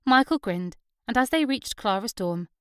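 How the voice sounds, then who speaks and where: A woman's voice: a little high, lively intonation, normal speed, clear, resonant tone, no room sound, studio quality. A woman narrating an audiobook. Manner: gentle storytelling, giving characters light voices. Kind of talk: scripted narration.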